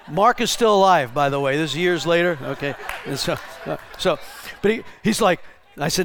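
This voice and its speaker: A man preaching a storytelling sermon in an animated way, restarting and repeating words and rising to shouted bursts. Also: on the high side, brisk, hardly any pauses. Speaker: pastor.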